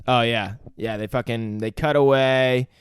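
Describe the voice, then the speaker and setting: A man's voice: medium pitch, fairly even intonation, measured pace, clean tone, dry recording. A man co-hosting a casual movie review podcast, retelling scenes loosely, swearing freely and putting on voices for the characters. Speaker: podcast co-host.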